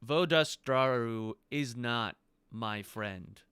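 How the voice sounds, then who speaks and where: A man's voice: mid-range voice, takes it slowly, a bit bright, smooth, no echo, clean studio sound. A man acting as game master, voicing a proud, menacing male emerald dragon that speaks in a condescending, coolly threatening way.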